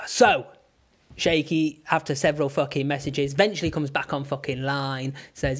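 A man's voice: a little high, unhurried, fairly bright tone. A man, ranting at home in a sweary, exasperated comic vlog. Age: 30s. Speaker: vlogger. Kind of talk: comic rant.

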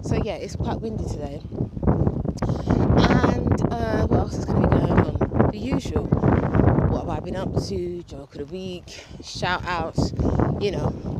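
Chatty, slightly breathless woman podcaster outdoors. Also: lowish voice. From England. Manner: chatty, rambling, swears casually. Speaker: podcast host. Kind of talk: casual solo podcast monologue. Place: outdoors in a windy park, walking. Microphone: headset mic. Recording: outdoor wind and street noise.

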